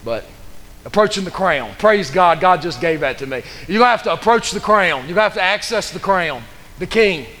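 A man's voice: high-pitched, expressive, brisk, fairly bright tone, big-room sound. A man preaching a fervent sermon as pastor, pressing the congregation with repeated questions. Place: church sanctuary.

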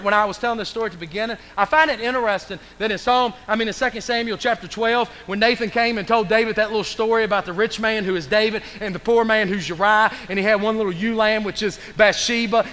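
A pastor delivers an emphatic sermon, his voice pitched high and bright. He preaches with a call-and-response feel, leaning into repeated phrases. The sound carries a long reverb from the church sanctuary.

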